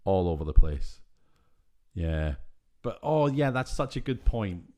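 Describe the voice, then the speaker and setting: A man's voice: deep voice, very animated, a little slow, dark tone. A Scottish man co-hosting a podcast, chatting casually about a film with lots of fillers and repeated agreement. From Scotland. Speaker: podcast co-host. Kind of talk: casual chat.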